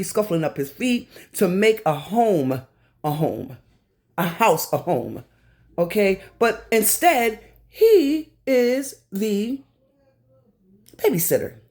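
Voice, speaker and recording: A woman's voice: fairly low pitch, darkish tone. A woman hosting her own channel, giving casual commentary straight to her viewers in an emphatic, repetitive way. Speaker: YouTube commentary host.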